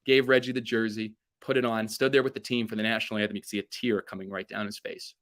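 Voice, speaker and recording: A man giving a keynote talk, telling stories with energy and acting out what people said. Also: fast. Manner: energetic storyteller acting out quotes with big pitch jumps. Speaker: keynote speaker. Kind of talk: motivational storytelling keynote.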